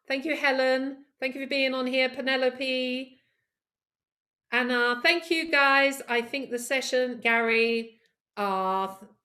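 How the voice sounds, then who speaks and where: Woman, online workshop presenter, video call, lively, encouraging, fairly high-pitched. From of Caribbean heritage. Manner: lively, encouraging, talks directly to attendees. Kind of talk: live online training session.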